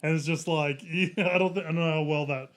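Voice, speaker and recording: A relaxed man co-hosting a casual film chat, with a voice pitched a little above the usual for a man. He chuckles through his points and often lets sentences trail off before picking them back up. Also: a little fast. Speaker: podcast co-host. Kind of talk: casual movie discussion.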